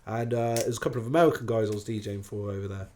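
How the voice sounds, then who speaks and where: A man's voice: on the low side, racing, slight background noise. A man from England telling a long, sweary anecdote as a DJ guest on a casual chat show. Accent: Bristol English. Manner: sweary, animated, acts out quoted voices.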